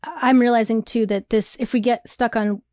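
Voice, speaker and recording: Chatty young woman, rambling and animated. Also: on the high side, moderate pace, no room sound, clean studio sound. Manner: rambling, animated, laughs often, lots of "like". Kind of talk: casual chat. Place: New York.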